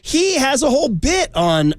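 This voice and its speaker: A man's voice: extremely high pitch, huge pitch swings, moderate pace, dry recording, studio quality. A man hosting a sports radio show, rambling and chatty in casual conversation. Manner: rambling, chatty, laughs often.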